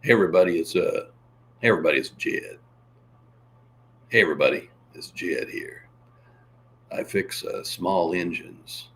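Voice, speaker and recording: A man trying out a low, slow small-engine repairman voice. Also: animated, fairly bright tone, slight background noise. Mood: plain.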